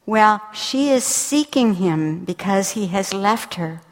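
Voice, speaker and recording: A woman Bible teacher giving a sermon, telling personal stories with intimate warmth and dropping to a soft whisper when she speaks the words of God. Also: medium pitch, animated, slow. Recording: reverberant hall.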